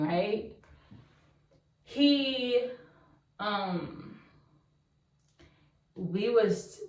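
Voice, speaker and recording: Young woman doing a storytime vlog, slangy and animated, talks right to the viewers, echoey room. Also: medium pitch. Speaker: vlogger telling a personal story. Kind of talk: casual storytime chat. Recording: roomy echo, mic at a distance.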